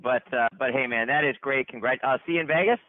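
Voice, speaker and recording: A man hosting a company conference call, hyped and chatty, repeating himself and restarting sentences as he gives shout-outs. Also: medium pitch, fast, dry recording. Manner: hyped, repetitive, stumbling restarts. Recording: tinny dry phone line.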